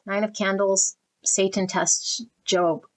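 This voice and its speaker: A woman reading card texts aloud in a tarot deck flip-through at home, slowly and tenderly, easily moved. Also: medium pitch, steady tone, rough recording.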